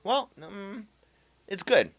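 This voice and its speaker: Animated man in casual gaming chat. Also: sits high, takes it slowly. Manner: animated, laughs often, trails off and repeats words. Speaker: podcast host.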